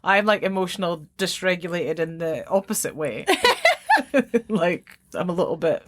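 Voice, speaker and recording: A woman co-hosting a podcast in casual chat, dry and quick to laugh. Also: on the low side, big pitch swings, fairly bright tone. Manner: dry, laughs easily, reads poll results. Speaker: podcast co-host.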